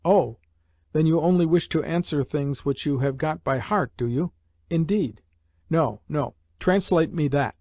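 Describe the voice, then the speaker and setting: A man's voice: on the high side, a little slow, dark tone, dry recording. Man doing a stern older professor, clipped, condescending, scolding, storybook reading, dry close sound. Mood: dismissive. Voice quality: clipped intonation. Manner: scolding, dismissive. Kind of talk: audiobook character voice.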